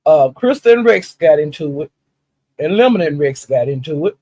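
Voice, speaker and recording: Husky-voiced man spilling gossip. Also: a little high, normal speed. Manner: animated, profane, exclaims "honey" and "child". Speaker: commentator recapping online live-stream drama. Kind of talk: gossipy casual storytelling.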